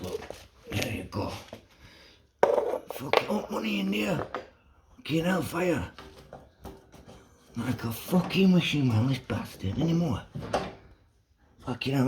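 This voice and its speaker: Excitable swearing man. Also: mid-range voice, heavy background noise. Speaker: vlogger. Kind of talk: casual DIY vlog.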